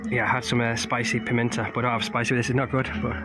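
A man from England vlogging his travels with excitement, sprinkling broken Portuguese and Spanish words into his English, outdoors in the rain. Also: medium pitch, very fast, loud music behind the voice, rough recording. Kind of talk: casual travel vlog. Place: outdoors in rainy countryside.

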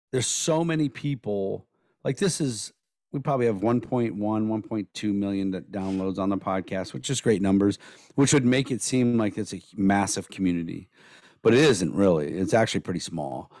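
A hoarse-voiced man co-hosting a podcast in loose, rambling chat, cursing freely and telling stories bluntly. His voice sits a little low and is recorded dry and close, with no room sound at all. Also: a little mellow, no echo. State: hoarse from days of talking. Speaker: podcast co-host.

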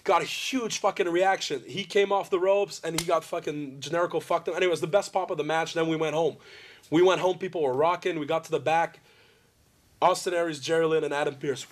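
A man's voice: fairly high pitch, a little fast. A man interviewing a friend, telling long rambling stories bluntly and swearing freely. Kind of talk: candid interview conversation.

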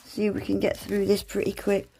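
A woman's voice: mid-range voice, monotone, brisk, gravelly, warm tone, slightly rough, soft background music. A woman unboxing nail art supplies in a gushing, exclamatory manner, often gasping. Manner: gushing, exclamatory, lots of gasps and "oh my gosh". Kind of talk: unboxing vlog, casual chat.

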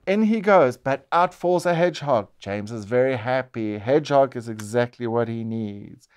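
A man's voice: mid-range voice, animated, unhurried, smooth. A man presenting a board game show, narrating each turn play-by-play and exclaiming as pieces come out.

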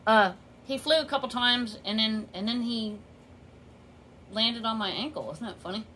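Woman rambling through a home vlog, sometimes cooing way up high to her bird, faint hiss in the room. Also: moderate pace, pushed and bright. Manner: chatty, rambling, coos in a high baby-talk voice to her bird. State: out of breath. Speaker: vlogger with a pet parrot. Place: condo at home, indoors.

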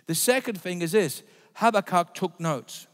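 A man's voice: high-pitched, normal speed. Emphatic preaching man in a reverberant hall. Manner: emphatic preaching, swings between loud and quiet. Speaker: pastor. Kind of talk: sermon. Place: church. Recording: long reverb of a church hall.

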